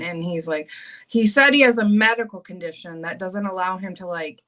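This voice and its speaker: A woman's voice: mid-range voice, normal speed. A woman in casual chat, telling funny work stories with frequent laughter. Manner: laughs often, animated and giggly.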